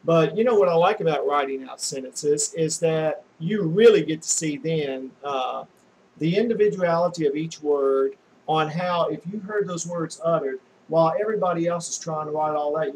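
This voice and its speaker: A man giving a demonstration lesson on shorthand, talking slowly and patiently, often spelling words out letter by letter, with frequent pauses and restarts. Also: fairly high pitch, a little mellow, slight background noise, low-quality recording. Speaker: shorthand teacher.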